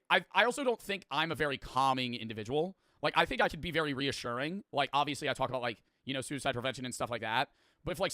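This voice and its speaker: A man's voice: medium pitch, pushed and bright, no room sound, studio quality. A man hosting a reaction video, rambling casually, swearing and joking about himself. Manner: rambling, profane, self-deprecating, quick to laugh.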